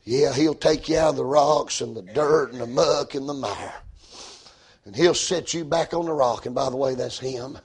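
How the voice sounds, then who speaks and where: A man preaching a sermon in a folksy way, dropping to a hush and rising to shouts. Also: mid-range voice, moderate pace. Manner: folksy, swings from hushed to shouting.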